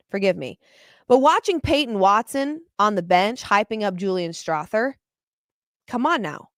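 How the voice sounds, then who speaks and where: A woman's voice: mid-range voice, unhurried, no echo, clean studio sound. A woman hosting a basketball postgame podcast, talking with passion and open emotion, often repeating herself when fired up. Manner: animated, repeats words when excited. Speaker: podcast host.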